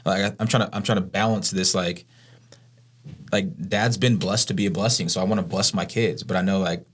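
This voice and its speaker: Deep-voiced man, affirming podcast co-host. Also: fairly even intonation, normal speed. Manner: affirming, reflective, says "dude" often. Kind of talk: casual podcast conversation.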